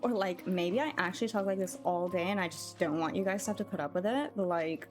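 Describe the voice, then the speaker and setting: A woman's voice: fairly low pitch, quick pace, darkish tone, soft background music. Chatty woman streaming a game. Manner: chatty, musing, talks straight to chat. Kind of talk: casual chat while gaming.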